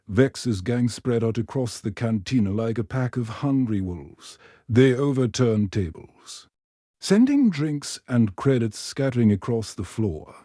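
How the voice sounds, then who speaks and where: A man reads a scripted story in a steady, even delivery. His voice is dark and mellow. The recording is dry and close, with no room sound. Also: mid-range voice, dry recording. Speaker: narrator.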